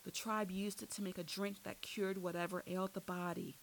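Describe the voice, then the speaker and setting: A woman narrating a first-person story aloud, dramatic and building to loud outbursts at tense moments. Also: medium pitch, little pitch movement, a little fast, creaky, poor audio. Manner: dramatic, rises sharply for shouted lines. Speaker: audiobook narrator. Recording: faint hiss.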